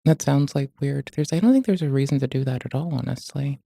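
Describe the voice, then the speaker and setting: A rambling, sweary streamer talks loosely over the videos they react to, forever interrupting themselves. The voice is dark and gravelly, and it sits dry and close on a desk mic. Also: mid-range voice, fairly quick, no echo. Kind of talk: casual reaction chat.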